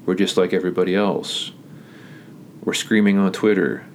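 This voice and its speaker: A man's voice: low voice, steady tone, moderate pace, slight background noise. A man hosting a podcast, reading scripture and then preaching and praying in a casual, earnest way. He often stumbles and repeats words and keeps calling his listeners "guys.". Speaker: podcast host.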